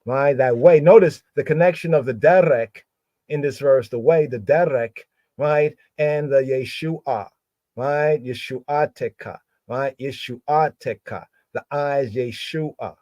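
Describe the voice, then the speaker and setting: A man's voice: mid-range voice, slow, dark tone, dry recording, muffled recording. A man teaching a live scripture study, repeating words over and over and drawing them out.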